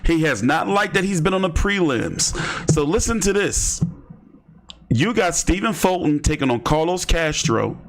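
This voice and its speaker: Rambling casual man with higher voice. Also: animated, a little slow. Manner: rambling, joking, slangy, lots of fillers and restarts. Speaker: host. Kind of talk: casual boxing commentary.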